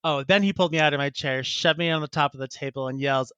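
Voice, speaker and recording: Male podcast co-host, slightly high, giggly and rambling, dry close-miked sound. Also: quick pace, few pauses, sharp tone, smooth, dry recording. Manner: laughs often, chatty and rambling. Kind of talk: casual chat, reading listener emails.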